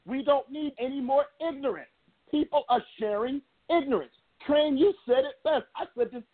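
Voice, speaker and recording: A middle-aged podcast co-host tells a story in casual chat, passionate and emphatic throughout. His voice is extremely high-pitched at a moderate pace, and it sounds tinny, like a phone.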